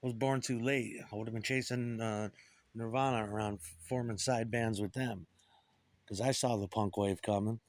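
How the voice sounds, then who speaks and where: A man's voice: on the low side, steady tone, normal speed. Bitter, profane man rambling on. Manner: profane, bitter, puts on voices for quoted people. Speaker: guitarist. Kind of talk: rambling monologue.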